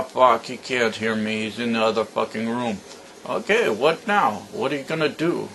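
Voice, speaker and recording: A man's voice: medium pitch, normal speed, creaky, a bit bright, slight background noise. An old man telling a joke to the camera at home, grumbling and swearing as he rambles. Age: older. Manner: grumpy, profane, rambling. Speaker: joke teller.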